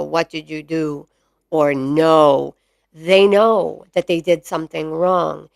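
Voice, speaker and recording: Slow-talking woman podcast host. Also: medium pitch, dry recording. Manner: chatty, opinionated, many fillers. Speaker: mastiff breeder and podcast host. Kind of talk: casual podcast monologue.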